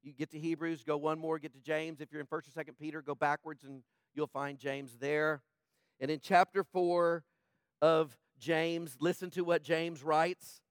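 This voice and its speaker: A male pastor gives an impassioned sermon in a high, smooth voice with a level tone and normal speed, swinging between loud, urgent passages and quiet, hushed ones. The sound is close and dry, without echo.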